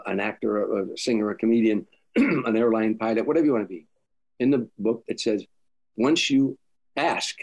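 An older man with a fairly low voice, telling stories as an interview guest. He acts out the lines of the people he quotes and often stammers and restarts his sentences. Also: darkish tone. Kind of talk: storytelling interview.

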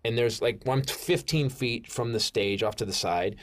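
A male comedian telling a rambling anecdote in an excitable way, with restarts, swearing and sudden high jumps when he acts out his own panic. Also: normal speed. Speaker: comedian guest. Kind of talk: storytelling anecdote.

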